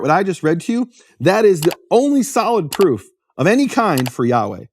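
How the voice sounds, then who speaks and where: A man's voice: high-pitched, very animated, a little fast, no room sound. A man hosting a talk, explaining history in a lecturing way and answering his own rhetorical questions. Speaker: host explaining biblical history.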